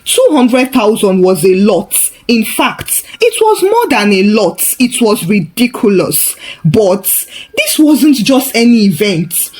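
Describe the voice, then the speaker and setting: A woman narrating a story, expressive and chatty with asides. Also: mid-range voice, slow.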